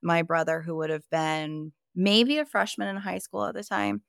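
A woman's voice: on the low side, fairly even intonation, moderate pace, creaky, clean tone, no echo, clean studio sound. A woman from Iowa, a podcast guest, telling her personal story in a candid, emphatic way and swearing freely.

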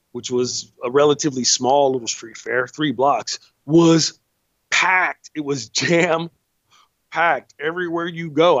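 Man, Californian Black American accent, podcast host, rambling casual talk, slightly high voice, dry dull sound. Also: fairly bright tone, no room sound. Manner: laid-back, repeats himself, says man and you know.

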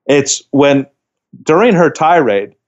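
A man co-hosting a podcast in casual chat, talking haltingly with many restarts and fillers. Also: on the high side, expressive. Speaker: podcast co-host. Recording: slightly dull lo-fi sound.

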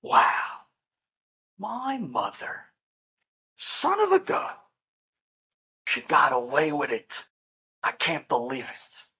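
A man voicing a bitter, estranged middle-aged daughter speaking in a low, cutting tone. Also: huge pitch swings, slow, long pauses, bright, forceful tone, slightly rough, exaggerated voice. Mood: stunned.

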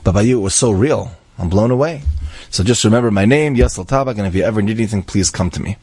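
A man's voice: on the low side, fast, a little mellow, slightly rough, no room sound. A man voicing a generous rabbi who is moved and offers a stranger his help. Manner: emphatic, kindly offering help.

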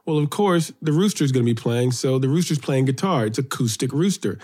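A middle-aged man from Brooklyn, New York, guest in an interview, telling childhood stories in an animated way, his voice lifting when excited. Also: brisk, few pauses. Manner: animated storyteller, rises in pitch when excited. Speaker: guest, children's author and poet. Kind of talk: storytelling interview.

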